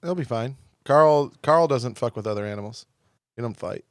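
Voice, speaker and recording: A man's voice: medium pitch, animated, moderate pace, no room sound, studio quality. A man co-hosting a comedy podcast, joking crudely in casual banter. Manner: crude, joking, puts on bad British accents. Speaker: podcast co-host.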